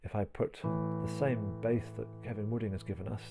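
A man teaching a piano piece step by step. He talks gently while he plays and counts the beats aloud. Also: fairly low pitch, fairly even intonation, moderate pace, creaky. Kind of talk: piano tutorial, talking while playing. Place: indoors at a piano. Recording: talk over loud piano playing.

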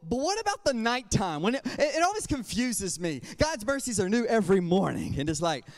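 A man's voice: high voice, sing-song, brisk. A young man, a youth pastor, preaching a passionate sermon and telling a story with casual asides. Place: church sanctuary. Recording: long hall reverb, church sanctuary.

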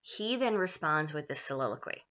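A woman teacher with a low, bright, forceful voice talks through a play in an easygoing, chatty way. She paraphrases often and checks in with "right?". The recording sounds dull and lo-fi. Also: expressive, normal speed. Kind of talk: casual classroom explanation of a play.

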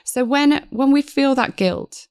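A woman's voice: high voice, takes it slowly, a little mellow, dry recording, clean studio sound. A woman guest psychotherapist talking in a podcast interview, earnest and reflective, restarting her sentences often.

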